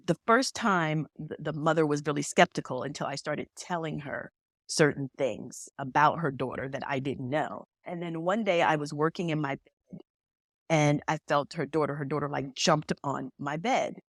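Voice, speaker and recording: Low-voiced woman telling spirit stories. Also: no room sound, clean studio sound. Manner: animated storyteller who acts out quoted dialogue. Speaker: medium, podcast guest. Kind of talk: storytelling conversation.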